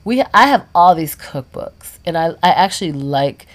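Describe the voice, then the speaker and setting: A woman co-hosting a casual podcast chat, expressive and given to dramatic exclamations. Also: lowish voice, moderate pace. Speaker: podcast co-host.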